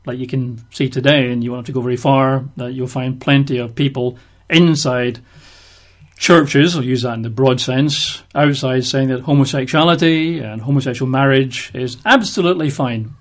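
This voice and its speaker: A man's voice: mid-range voice, moderate pace. A man giving conversational Bible teaching, explaining verses with everyday examples.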